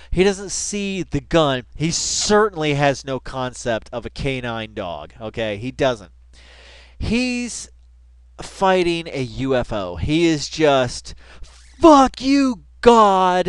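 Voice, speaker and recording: A man's voice: a little high, no room sound. A man hosting a reaction video, talking in a casual, rambling, profane way full of slang.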